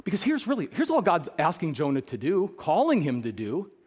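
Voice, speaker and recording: A man preaching a sermon as pastor, emphatic and animated, repeating phrases for stress. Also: fairly high pitch, fairly quick, breathy edge.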